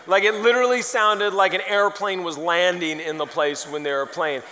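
A man preaching a sermon, telling a story in a lively, rambling way and often poking fun at himself. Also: sits high, moderate pace, slight background noise. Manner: animated, rambling and self-mocking. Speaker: pastor. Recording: long hall reverb.

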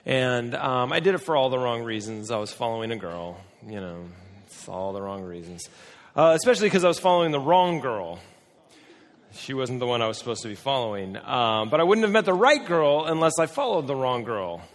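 A man's voice: medium pitch, sing-song, fairly quick. A middle-aged American man, a pastor, telling a chatty, self-deprecating story in a sermon, his voice cracking now and then. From United States. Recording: long hall reverb.

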